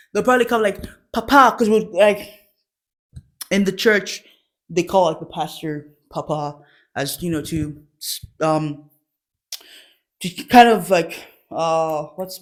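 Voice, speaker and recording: A woman hosting a comedy show, telling a self-mocking story about church gossip and laughing often as she goes. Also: on the low side. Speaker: host. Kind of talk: comic storytelling.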